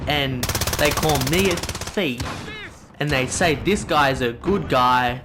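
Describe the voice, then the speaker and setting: A man's voice: medium pitch, slow pace, background noise. A teenage guy, telling a rambling, profanity-laced story casually while gaming. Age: teens. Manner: animated, swearing, rambling. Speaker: gaming channel host. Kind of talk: casual storytime over gameplay. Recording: game gunfire in background.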